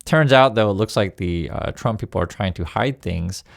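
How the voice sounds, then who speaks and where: Low gravelly man commenting on news. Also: moderate pace, no echo, studio quality. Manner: conversational, frequent fillers, addresses viewers directly.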